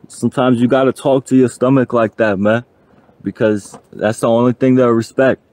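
A man's voice: medium pitch, steady tone, darkish tone. A man chatting casually on his livestream, pleading for donations and joking along the way. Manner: pleading and joking, slow drawl.

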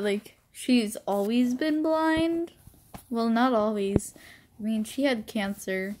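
A woman's voice: on the high side, steady tone, unhurried, a little mellow, a little hiss or hum. A young woman chatting casually into a phone at home, rambling and self-deprecating about her drawings. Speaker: amateur artist. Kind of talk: casual chat.

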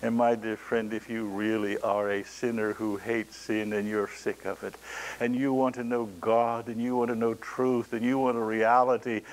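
A man preaching a sermon to a congregation, pleading and building to loud, passionate cries. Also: on the low side, flat delivery, normal speed, slight background noise, rough recording.

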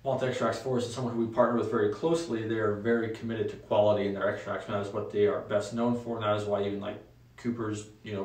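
A young adult man hosting a casual solo talk show, relaxed and rambling with frequent ums. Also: lowish voice. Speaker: host. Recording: echoey room, voice a bit far from mic.

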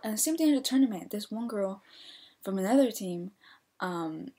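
A young woman hosting a casual podcast, telling referee stories in an animated way and correcting herself as she goes. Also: medium pitch, normal speed, slightly rough. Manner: animated, acts out the players' and her own quoted lines; laughs often and corrects herself mid-story. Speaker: podcast host and soccer referee. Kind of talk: casual storytelling monologue.

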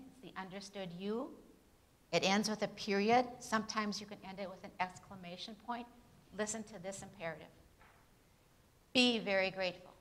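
A woman's voice: medium pitch, a bit bright. Grammar teacher, female, mid-range voice; asks questions, answers with tag questions, stresses her examples. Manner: reads example sentences with shifting emphasis. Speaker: Bible institute grammar teacher. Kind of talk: classroom lecture with questions to students.

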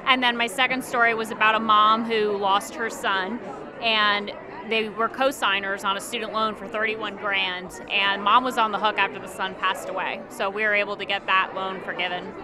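A woman's voice: mid-range voice, level tone, moderate pace, a crowd in the background. A woman TV consumer reporter who chats easily and explains her stories in detail. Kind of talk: casual interview.

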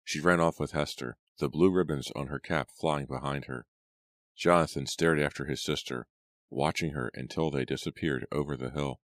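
Very deep-voiced man narrating an audiobook. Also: no echo, clean studio sound. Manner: steady, measured storytelling. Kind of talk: scripted narration.

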